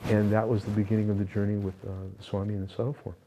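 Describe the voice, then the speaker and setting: A man's voice: fairly low pitch, little pitch movement, fast talker, dark tone. An older man being interviewed, recounting personal spiritual experiences in an earnest, reflective way, with many fillers and restarts. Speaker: interview guest.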